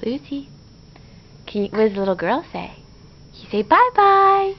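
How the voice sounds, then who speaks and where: A woman coaxing a toddler in slow, sing-song baby talk at home. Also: medium pitch, lively intonation, gravelly, slight background noise. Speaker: parent talking to a toddler. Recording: dull lo-fi home video.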